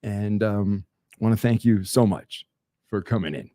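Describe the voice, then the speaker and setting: Male host, low mellow voice, friendly and chatty, dry close mic. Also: a little slow, dry recording. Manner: friendly, chatty, often restarting. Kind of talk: casual interview. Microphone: close studio microphone.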